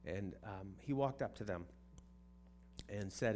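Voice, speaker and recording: A pastor with a lowish, darkish voice preaches a conversational sermon, speaking slowly and pausing often. He frequently repeats words as he restarts a thought, with slight background noise behind him.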